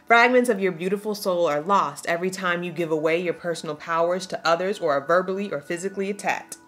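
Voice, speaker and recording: A woman's voice: on the low side, quick pace, fairly bright tone, soft background music. A woman giving a spiritual tarot reading to camera. She preaches in an emphatic, slangy way, reads aloud from a card book, and is tearful. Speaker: tarot reader.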